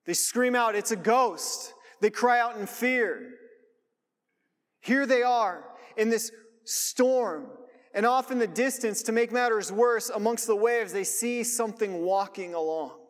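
A man's voice: high voice, unhurried. A man preaching a sermon as pastor, reading scripture aloud and then explaining it in a conversational way. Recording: long reverb of a large hall.

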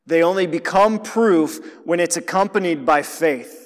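A man with a fairly high voice preaches a sermon, chatting with his listeners and moving between hushed stretches and emphatic, louder ones. His voice rings with the long reverb of a large hall. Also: unhurried.

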